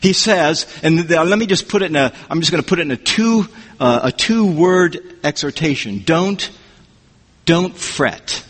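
A man preaching an expository sermon, reading scripture in a measured, emphatic way. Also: fairly high pitch, lively intonation, a bit bright, breathy edge. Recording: long hall reverb.

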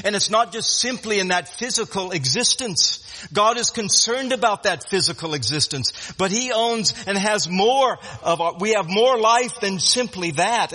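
High bright-voiced man preaching a sermon. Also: breathy edge, big-room sound. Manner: emphatic, repeats words and restarts phrases.

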